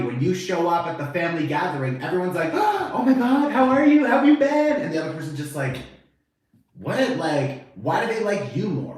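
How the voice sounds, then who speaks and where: A man giving a casual, animated tarot reading to camera, chatty and swearing now and then, acting out the reactions he quotes. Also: on the high side, far from the mic. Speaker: tarot reader. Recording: very echoey room, voice off-mic.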